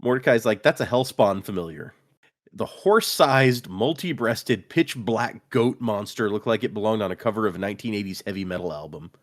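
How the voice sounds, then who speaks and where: A man with a lowish voice talks a little fast, hardly pausing, as he co-hosts a podcast. In casual chat he recaps book chapters with animated retelling, acting out characters' quotes and laughing frequently.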